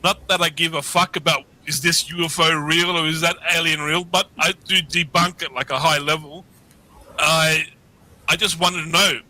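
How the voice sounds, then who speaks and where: A man's voice: on the high side, moderate pace, bright, forceful tone, rough recording. A middle-aged man telling a story as a guest over a video call, rambling, swearing freely and restarting his sentences. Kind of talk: casual storytelling.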